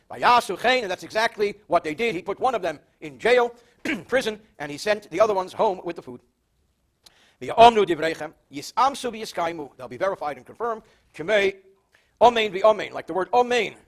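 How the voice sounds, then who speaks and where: An older man with a notably high voice teaches a Torah portion as a rabbi. He reads each Hebrew phrase slowly, translates it, and drops in quick wisecracks along the way. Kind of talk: verse-by-verse Torah class with jokes.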